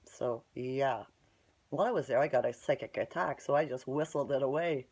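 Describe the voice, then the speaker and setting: Woman, vlog monologue, warm dark tone, blunt and scornful, rambling with "right?" tags. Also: very deep voice, normal speed, husky. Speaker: vlogger. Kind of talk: casual storytelling monologue.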